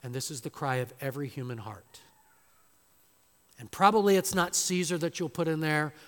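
A man preaching an expository sermon in a church, slow and emphatic, building to loud dramatic quotations. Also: a little high. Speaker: pastor. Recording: long hall reverb.

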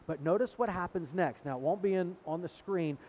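A man's voice: sits high, fairly quick, a little mellow, dull audio, a little hiss or hum. A middle-aged man preaching a sermon in a conversational way, retelling scripture and acting out the quotes. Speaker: pastor.

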